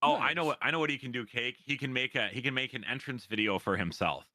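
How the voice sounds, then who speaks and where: A man's voice: medium pitch, fast talker, pushed and bright, dry recording. A man from Minnesota hosting a podcast, asking questions in a chatty way with lots of fillers. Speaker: podcast host. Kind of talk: casual chat, interviewing.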